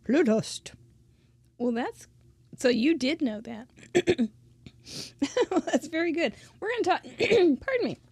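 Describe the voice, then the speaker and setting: A woman's voice: sits high, sing-song, takes it slowly, long pauses, darkish tone, dry recording. A woman giving a chatty, casual crafting tutorial, drifting into asides and laughing often. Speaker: crafting instructor.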